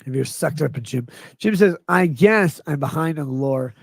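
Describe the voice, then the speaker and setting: A man reads his livestream chat aloud with a gravelly, husky voice, drifting into loose, drunken tangents and swearing freely. He sits a touch high for a man's voice, and the sound is dry and close. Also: lively intonation, brisk, no echo. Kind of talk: rambling livestream chat reading.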